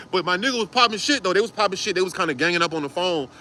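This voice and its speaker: A man's voice: high-pitched, expressive, rapid-fire, sharp tone, a little hiss or hum. A man telling a wild personal story in casual street slang, cursing freely and acting out other people's voices.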